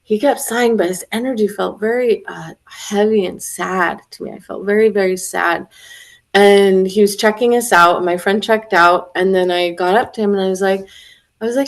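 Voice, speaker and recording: A woman hosting a casual spiritual conversation, telling stories with lively, acted-out quotes. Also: on the high side, a little fast. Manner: animated storyteller, acts out quoted voices. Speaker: podcast host.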